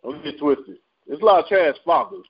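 A husky, fairly high-pitched male voice, very animated and at a moderate pace, belongs to a radio host doing a relaxed chart rundown. He keeps it jokey and slangy, laughing frequently. The audio is dull and lo-fi.

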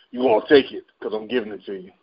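Animated slangy man hosting a chart show. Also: mid-range voice, gravelly, slightly rough. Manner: animated, joking, slangy, laughs often. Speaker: radio show host. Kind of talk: casual chart rundown with commentary. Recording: dull lo-fi sound.

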